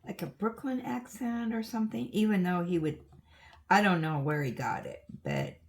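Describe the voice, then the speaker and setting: A woman's voice: lowish voice, big pitch swings, normal speed, a little hiss or hum. An older woman with an Oregon accent, chatting casually and rambling through stories while she works on a craft. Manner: rambling, chatty storytelling with asides. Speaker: crafting vlogger. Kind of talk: casual chat while diamond painting.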